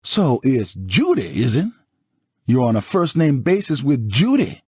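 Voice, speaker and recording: Audiobook: male narrator doing an enraged ex-husband, snarling and sarcastic, husky and lively in pitch. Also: measured pace, dry recording, clean studio sound, exaggerated voice. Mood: furious taunting. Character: furious divorced ex-husband, aggressive, profane.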